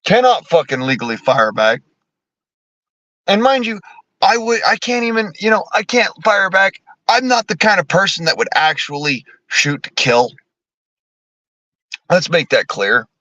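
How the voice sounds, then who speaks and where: A man's voice: high-pitched, expressive, unhurried, long pauses, pushed and bright, no room sound, highs cut off. A man in his thirties ranting angrily about politics, profane, heated and sarcastic. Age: 30s. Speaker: streamer. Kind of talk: angry political rant.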